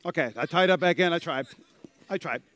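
High-voiced animated male preacher. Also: fairly quick, no echo. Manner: animated preaching, acts out quotes with big swings in pitch and loudness. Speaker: pastor. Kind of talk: sermon.

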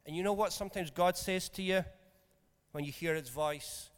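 A man preaching in a relaxed, conversational way, with a slightly high voice. He keeps checking in with his listeners. The sound carries the long reverb of a church hall. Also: normal speed, clean tone. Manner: conversational, jokey, checks in with "okay?". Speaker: pastor. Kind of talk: sermon.

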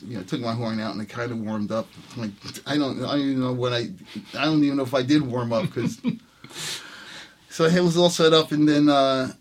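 Man telling a lively anecdote. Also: mid-range voice, a little hiss or hum. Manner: animated, acts out quoted dialogue, laughs often. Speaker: jazz trumpet player telling a story. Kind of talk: casual anecdote in an interview.

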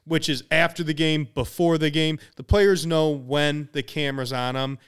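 Emphatic man with a smooth voice. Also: a little high, steady tone, moderate pace. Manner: emphatic, opinionated, swears for emphasis. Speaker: podcast co-host. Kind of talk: casual sports chat.

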